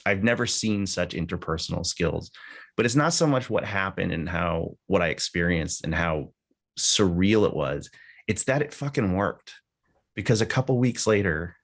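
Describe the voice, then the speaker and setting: At a memorial gathering with people present, a man with a deep, gravelly voice tells a personal story as a tribute. He's animated and speaks at a moderate pace. His tone is candid and conversational, with casual swearing.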